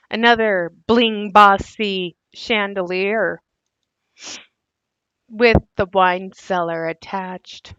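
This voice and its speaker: A woman's voice: medium pitch, drawn-out words, fairly bright tone, dry recording, dull audio. A woman hosting a casual commentary video, sarcastic and given to laughing at what she shows. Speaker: commentary host.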